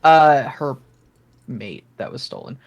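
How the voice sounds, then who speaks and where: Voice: medium pitch, animated, slow, dull audio. Hesitant player thinking aloud. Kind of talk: casual game chat.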